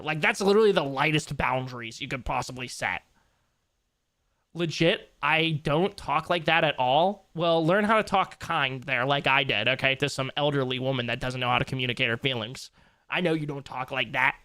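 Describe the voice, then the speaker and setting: A man's voice: medium pitch, moderate pace, sharp tone. A young man livestreaming, chatting casually with his viewers in a loose, joking, slangy way and laughing easily.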